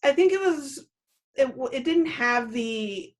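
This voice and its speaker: Woman in her thirties, interview guest, easygoing, voice a bit high, hesitates often. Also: lively intonation, normal speed, a little mellow. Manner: easygoing, with frequent "uh" and "um". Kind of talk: casual interview.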